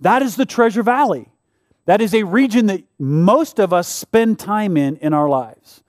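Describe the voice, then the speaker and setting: High-voiced man preaching, conversational. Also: animated, measured pace, dry recording, clean studio sound. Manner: conversational preaching, rhetorical questions. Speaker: pastor. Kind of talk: sermon. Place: church.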